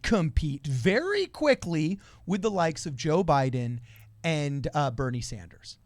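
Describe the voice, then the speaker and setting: Animated man explaining politics. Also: fairly high pitch, measured pace. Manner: animated explaining, acts out quoted voices. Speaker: podcast co-host. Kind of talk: casual political commentary.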